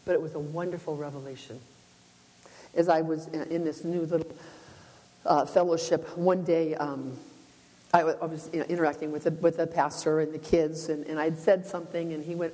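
A woman's voice: lowish voice, fairly quick, mellow. Earnest woman preaching in a reverberant hall. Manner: earnest, storytelling, frequent restarts. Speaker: speaker sharing a testimony. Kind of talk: conversational sermon.

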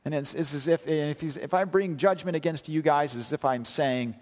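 Male pastor preaching, kinda high voice, lots of hall echo, punchy rhetorical questions. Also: brisk, hardly any pauses, a little mellow. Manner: emphatic preaching, reads scripture aloud, rhetorical questions. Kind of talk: sermon. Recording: long hall reverb.

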